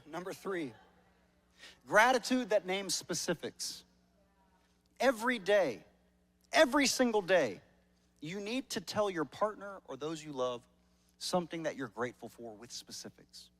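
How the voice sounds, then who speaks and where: Male pastor, fairly high voice, casual joking sermon delivery with stumbling restarts. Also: expressive, measured pace, pauses often, fairly bright tone. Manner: conversational and joking, repeats words when starting sentences. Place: church service.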